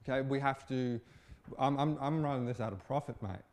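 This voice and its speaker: A man's voice: mid-range voice, fairly quick, a little mellow, lightly acted. A man voicing a greedy, crude landowner who sneers and swears in casual slang. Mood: smug.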